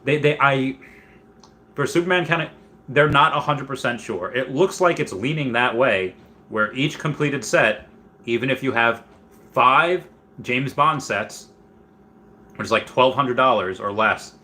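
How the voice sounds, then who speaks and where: Chatty livestreaming man with a bright voice. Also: medium pitch, measured pace, long pauses. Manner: chatty, rambling, reads viewer comments aloud; swings into loud excited bursts. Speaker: livestream host. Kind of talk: casual livestream chat.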